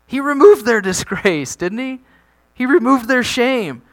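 A man preaching a sermon as a pastor, animated, asking the congregation rhetorical questions and often restarting his sentences. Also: extremely high pitch, a little slow.

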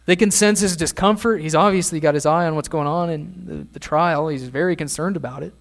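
A man's voice: a little high, brisk, vocal fry. A middle-aged man, a pastor, preaching a sermon in a conversational way and asking his listeners questions.

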